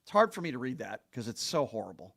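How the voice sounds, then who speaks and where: An earnest man hosting a call-in talk show. He pushes his points hard and circles back to repeat them for emphasis, in a voice of ordinary middle pitch. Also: very animated, quick pace, vocal fry, fairly bright tone, slightly rough.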